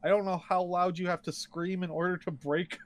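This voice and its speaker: A man with a voice a little higher than usual rambles through a casual podcast recap. He swears freely and jokes as he talks. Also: flat delivery, a little fast. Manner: rambling, profane, joking movie recaps. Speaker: podcast co-host. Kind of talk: casual chat.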